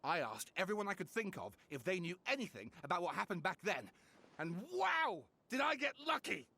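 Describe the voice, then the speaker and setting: A man's voice: sits high, brisk, slight background noise, exaggerated voice. An actor playing an eager male writer who talks theatrically and builds up his reveals. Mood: excited. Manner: theatrical, excitable, dramatic build-ups.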